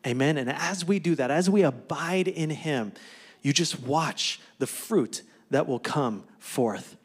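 A man's voice: on the high side, slow, breathy edge. A middle-aged man preaching as pastor to his church, upbeat and conversational, with quips and asides between exhortations. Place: church sanctuary.

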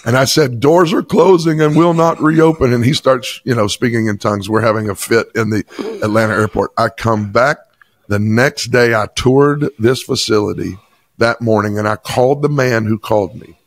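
A man's voice: fairly low pitch, normal speed, dry recording. A pastor from Chattanooga, a man, telling an emphatic personal testimony in an interview. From Chattanooga, Tennessee. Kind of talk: interview storytelling.

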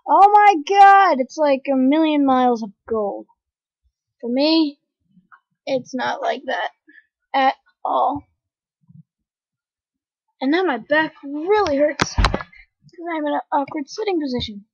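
A high-pitched woman talks through her game at an unhurried pace, complaining dramatically and breaking into panicked screams. The sound is dry and dull, like a lo-fi home recording. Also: creaky, no room sound. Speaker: gamer. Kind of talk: gameplay commentary.

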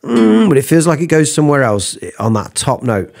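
A man with a British accent teaching singing, talking in a relaxed, encouraging way between vocal exercises. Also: on the high side, moderate pace, gravelly. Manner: relaxed, encouraging, talks while demonstrating. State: slightly under the weather after sneezing. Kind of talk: spoken vocal lesson between sung exercises.

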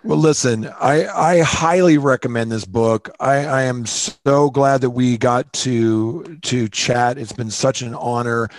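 A man hosting a podcast, enthusiastic and warm, often repeating words as he starts a sentence. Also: medium pitch, unhurried, few pauses, no room sound. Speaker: podcast host. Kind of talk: casual podcast chat.

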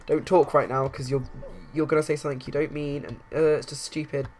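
A game commentator voicing a young man who urges his friend to keep quiet, in a hushed, pleading way. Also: mid-range voice, level tone, a little fast, lightly acted.

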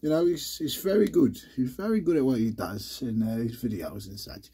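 A man's voice: mid-range voice, mellow, husky. A man putting on a chatty British guy. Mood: upbeat. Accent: put-on British. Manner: chatty, loose and halting. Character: man doing a British accent bit.

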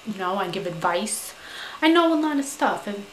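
A woman playing a brash, foul-mouthed young Staten Island woman with a New York accent, who rants loudly and says "you know" a lot. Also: medium pitch, sing-song, moderate pace, a little hiss or hum, close to an everyday voice. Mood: chatty, confident. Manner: loud, profane, indignant, full of "you know". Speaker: advice-giving vlogger character. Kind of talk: comic character monologue to camera. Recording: roomy echo.

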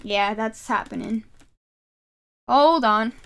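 Slow-paced and a little high, the woman's voice has a fairly bright, clean tone. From her home gaming setup she chats into a desk microphone, giggling her way through relaxed commentary on her game for viewers.

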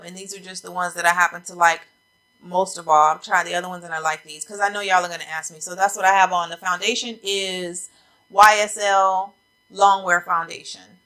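In her relaxed try-on haul, a fashion vlogger talks coats with viewers, a little out of breath and chatty, saying y'all. Her mid-range voice is fairly bright with fairly even intonation and a moderate pace. Audio is rough, captured by a camera mic facing a ring light.

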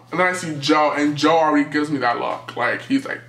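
A young man from New City, telling a storytime tale in a lively, animated way and acting out what people said. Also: fairly high pitch, moderate pace, roomy sound. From New York City. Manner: animated storytelling, acting out quotes, jumps to yelps. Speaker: vlogger. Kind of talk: storytime vlog.

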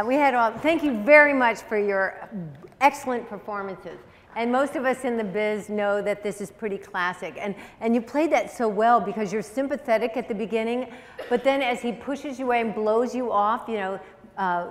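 A middle-aged woman psychologist giving a lively, conversational public lecture to parents, often asking the audience questions. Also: fairly high pitch. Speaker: speaker, psychologist. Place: high school auditorium. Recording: long hall reverb.

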